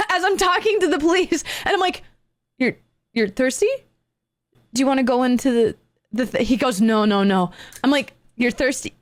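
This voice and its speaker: Woman storyteller, high voice, excitable, does all the voices, very dry mic. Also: brisk, dry recording. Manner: excitable, acts out every voice in the story, laughs often. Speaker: streamer. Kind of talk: animated storytelling.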